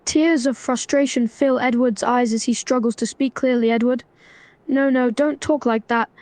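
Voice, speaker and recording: A text-to-speech woman's voice, narrating a melodramatic role-play story and speaking its lines in an even, scripted way. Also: a little high, normal speed, no echo. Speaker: AI chatbot narrator.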